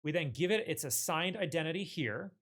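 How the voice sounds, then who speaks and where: Man with a slightly raised pitch who explains software casually and keeps correcting himself mid-sentence. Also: animated, a little fast. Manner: loose, filler-heavy, frequent self-corrections. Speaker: tech tutorial presenter. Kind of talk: casual screen-share walkthrough.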